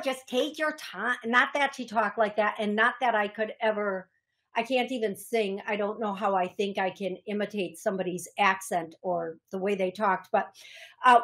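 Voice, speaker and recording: Woman hosting a radio call-in show, a bit high voiced, chatty and self-deprecating, studio mic. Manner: repeats key phrases for emphasis. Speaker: psychic medium radio host.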